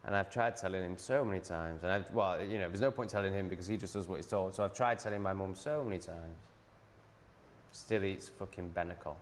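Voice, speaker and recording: A man's voice: sits low, fairly quick, a little hiss or hum. A man ranting casually at home in a blunt, sardonic way, swearing freely. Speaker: vlogger.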